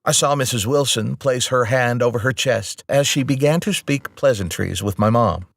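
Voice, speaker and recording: A man's voice: mid-range voice, moderate pace, gravelly, dry recording. Male audiobook narrator, dry close sound. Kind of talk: first-person audiobook narration.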